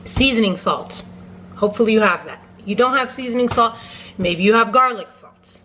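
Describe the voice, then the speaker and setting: A woman's voice: mid-range voice, slight background noise. A woman chatting and joking with viewers while she cooks in her home kitchen, casual vlog style. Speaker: home cook vlogger.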